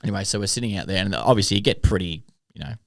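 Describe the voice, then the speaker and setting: Man, Australian accent, low, gravelly, swears a lot, casual podcast storytelling. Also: animated, racing, no echo, clean studio sound. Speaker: podcast co-host. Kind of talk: casual chat.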